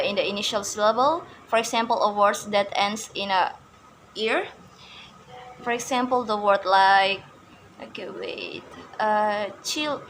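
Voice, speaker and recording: Slow halting woman reading a word list. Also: fairly high pitch, a bit bright, slight background noise, low-quality recording. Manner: halting, with many fillers, repeats and self-corrections. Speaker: English learner presenting stress rules. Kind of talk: reading out an English lesson.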